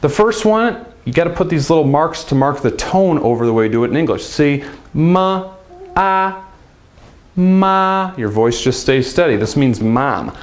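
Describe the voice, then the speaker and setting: A man's voice: mid-range voice, animated, fairly quick, hardly any pauses, darkish tone. A man teaching a casual video language lesson in an upbeat, chatty way.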